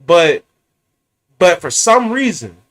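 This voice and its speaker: A man's voice: high-pitched, slow pace. A young man with a San Francisco Bay Area accent venting in a profane, rambling rant about his boss. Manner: animated, swearing, rambling rant.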